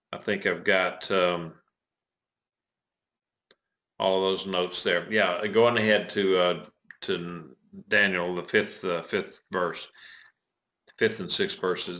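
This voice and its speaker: A man teaching a Bible study, talking casually with many pauses, fillers and restarts while he points things out on a map. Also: deep voice, fairly bright tone. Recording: dull lo-fi recording.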